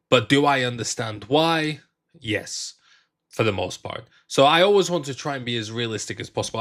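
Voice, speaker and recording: A man's voice: mid-range voice, a bit bright. A young man talking casually and frankly to his viewers in a vlog, with frequent fillers and restarts. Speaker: vlogger.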